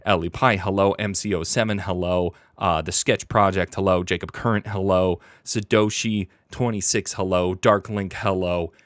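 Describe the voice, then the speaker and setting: A man's voice: sits low, fairly even intonation, moderate pace, few pauses, no echo, clean studio sound. A man hosting a live reaction stream, talking in a hyper, playful, rambling way, laughing often and reading out chat names. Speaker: streamer host.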